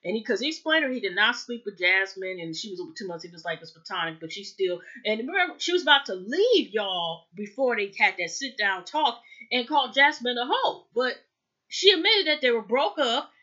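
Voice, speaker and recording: A woman's voice: fairly high pitch, very animated, a little fast, sharp tone, lo-fi sound. A woman hosting a casual TV recap, rambling and chatty, often calling out to viewers. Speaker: reality TV review host.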